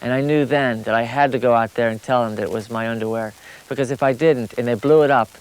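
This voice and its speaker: A man recounting his walking travels as a lively anecdote, his voice climbing high at the funny moments. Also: fast, clean tone. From United States. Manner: animated, rising sharply at the funny parts. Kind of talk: anecdotal storytelling.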